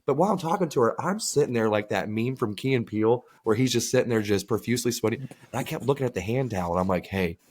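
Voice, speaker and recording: A man's voice: mid-range voice, lively intonation, quick pace, hardly any pauses, a little mellow. A man co-hosting a podcast, telling rambling, profane stories in casual chat. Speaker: podcast co-host.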